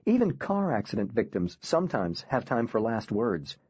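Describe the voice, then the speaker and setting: A man reading a first-person audiobook in a quiet, grave, measured way. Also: mid-range voice, very animated, breathy edge, dry recording, muffled recording. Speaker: audiobook narrator.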